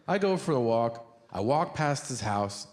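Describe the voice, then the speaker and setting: A man's voice: medium pitch, measured pace. Rambling male stand-up comedian. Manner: conversational, rambling, deadpan asides. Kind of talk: stand-up storytelling. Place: on stage at a live venue. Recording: reverberant venue with noisy ambience.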